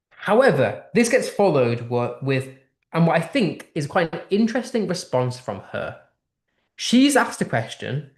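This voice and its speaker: An English literature tutor with a British accent explains a text during a lesson, firing off strings of rhetorical questions and thinking aloud with restarts. The voice is medium-pitched and a little mellow, and the recording has a roomy echo.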